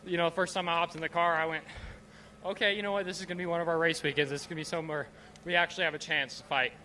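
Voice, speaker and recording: A man's voice: on the high side, fairly even intonation, pushed and bright, slight background noise. A young man who just won a race, emotional and out of breath, talking in a stumbling rush in a trackside interview. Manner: rushed, stumbling, repeating words. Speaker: winning race driver. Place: trackside outdoors.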